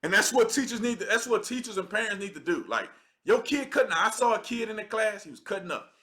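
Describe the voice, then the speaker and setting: A man's voice: high voice, lively intonation, quick pace, sharp tone. A man, talking in an emphatic, conversational way as he hosts a casual livestream. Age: 30s. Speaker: livestream host.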